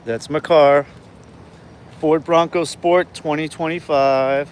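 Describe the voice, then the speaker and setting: A man's voice: fairly high pitch, steady tone, takes it slowly, a little hiss or hum. A man from New York livestreaming as a delivery driver, chatting loosely with viewers from his car and a store on a phone camera. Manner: chatty, rambling, talks to chat viewers. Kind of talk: casual livestream chat.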